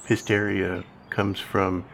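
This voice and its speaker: A very low, gravelly-voiced man trading dry, wry remarks as a podcast co-host. He talks casually, with faint hiss in the background. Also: level tone, takes it slowly, fairly bright tone. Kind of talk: casual conversation.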